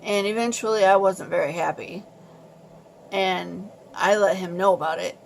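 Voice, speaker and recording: A woman vlogger telling a story in a casual, animated and exasperated way. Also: mid-range voice, moderate pace, gravelly, a little hiss or hum.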